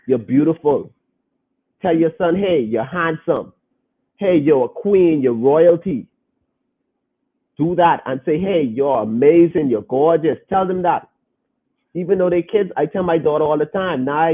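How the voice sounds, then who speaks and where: The phone-like, lo-fi audio carries a young adult man's fairly high, slightly rough voice as he hosts a casual podcast stream. He reads out viewer comments, speaking earnestly and repeating phrases for emphasis.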